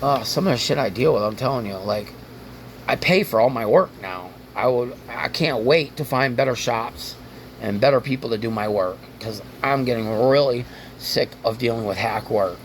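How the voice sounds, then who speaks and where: A man's voice: medium pitch, moderate pace, slight background noise. A man hosting his own car vlog, rambling and ranting casually with frequent swearing. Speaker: car vlogger.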